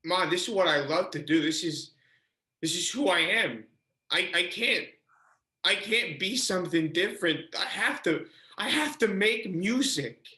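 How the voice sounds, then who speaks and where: A woman playing a grown child who pleads with his mother to let him make music, emotional and excitable, in an improv comedy scene. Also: on the low side, a little slow, echoey room. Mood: pleading.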